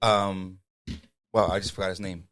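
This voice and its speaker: Easygoing podcast co-host, man, lower voice, quiet and agreeable. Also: flat delivery, moderate pace. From United States. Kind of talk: casual chat.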